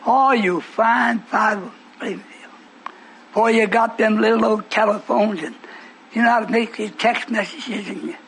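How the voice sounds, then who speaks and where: A man preaching a sermon in a church, fervent, breaking into shouts and teasing the congregation. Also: sits high, fairly even intonation, normal speed, vocal fry, slight background noise, poor audio.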